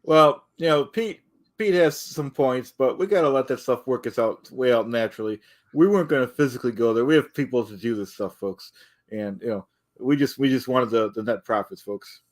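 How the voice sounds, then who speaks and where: A man voices a scheming, reckless businessman who talks in a folksy, crowd-pleasing way. His pitch is middling and ordinary for a man, with nothing strained about the delivery. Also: fairly quick, lightly acted. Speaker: debater in a comedy sketch. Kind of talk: improvised comedy debate.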